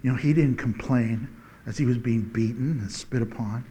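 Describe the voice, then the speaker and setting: A male pastor preaching a sermon, telling stories with playful sound effects and slowing down to read scripture. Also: medium pitch, mellow, husky. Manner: slows down for scripture reading.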